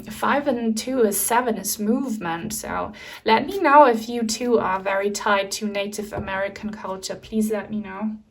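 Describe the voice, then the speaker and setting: An enthusiastic young woman from Germany reading tarot cards in a chatty way, talking straight to her viewers. Her voice sits a little high for a woman. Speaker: tarot reader. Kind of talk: casual pick-a-card tarot reading.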